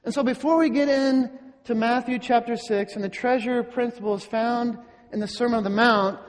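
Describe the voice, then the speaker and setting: Male pastor with a very high voice, preaching slowly and deliberately, long hall reverb. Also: steady tone. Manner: slow, deliberate preaching with rhetorical questions. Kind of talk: sermon.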